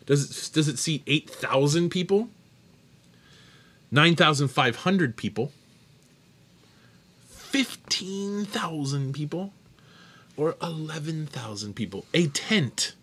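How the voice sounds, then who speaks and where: A man runs a trivia round on a casual podcast, reading the questions and answer options aloud. His pitch swings widely, and he jokes and laughs easily with his co-hosts. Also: expressive, slow pace, long pauses, a bit bright, breathy edge. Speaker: quiz host of a podcast. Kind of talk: casual chat.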